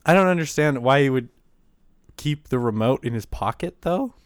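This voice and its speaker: A man's voice: mid-range voice, lively intonation, moderate pace, clear, resonant tone, dry recording. A man co-hosting a podcast, telling a story in a laid-back way, swearing freely and laughing often. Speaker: podcast co-host. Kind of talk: casual chat and storytelling.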